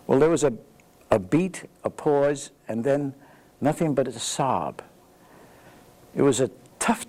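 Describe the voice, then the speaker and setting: In a low-quality recording, a Bronx-born man in his 80s recounts his experiences as a veteran during an interview. His voice is mid-range, and he animatedly performs the conversations as he tells anecdotes.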